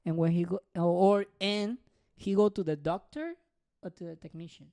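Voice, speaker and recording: A woman's voice: fairly low pitch, dark tone. A woman with a Spanish accent, a native Spanish speaker, chatting casually on a podcast and searching for her words. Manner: halting, searches for words, laughs often. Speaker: podcast co-host. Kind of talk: casual chat.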